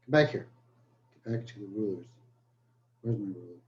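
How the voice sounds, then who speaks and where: A man's voice: on the low side, normal speed, muffled recording. A man teaching a recorded math lecture, joking in asides and saying okay often. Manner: joking asides, many okays. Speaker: math professor.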